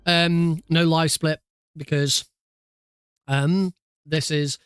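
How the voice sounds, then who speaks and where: A man chats on a live stream, rambling loosely from one thought to the next with lots of fillers and restarts. His voice sits a little high for a man, and faint music plays behind him. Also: little pitch movement, very slow, a bit bright, clear, resonant tone, no room sound, clean studio sound. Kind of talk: casual live-stream chat.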